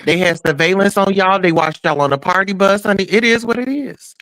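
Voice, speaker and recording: A man, ranting loudly and bluntly on a casual chat panel and swearing freely. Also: sits high, no echo, rough recording. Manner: loud, blunt and profane, ranting quickly with repeated words. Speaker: panel regular.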